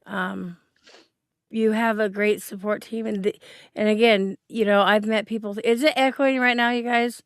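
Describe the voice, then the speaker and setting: A woman's voice: mid-range voice, steady tone, normal speed, clean tone, dry recording, clean studio sound. A woman hosting a livestream, talking sympathetically and apologetically with her guest. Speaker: livestream host. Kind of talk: casual livestream chat.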